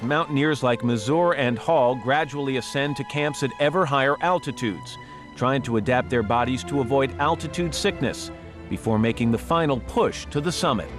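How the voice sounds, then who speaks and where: A man narrating a news documentary in a measured, grave manner. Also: a little high. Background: music.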